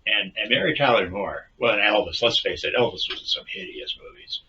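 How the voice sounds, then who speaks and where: Bright-voiced man, rambling deadpan chat. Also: lowish voice, a little fast, lo-fi sound. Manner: rambling deadpan tall tales. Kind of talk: casual comedic chat.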